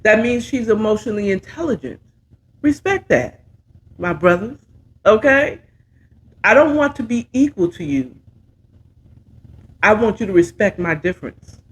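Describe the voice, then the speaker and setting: A woman's voice: mid-range voice, very animated, measured pace, pauses often. A middle-aged woman giving casual, sassy, playful commentary while reviewing a talk show.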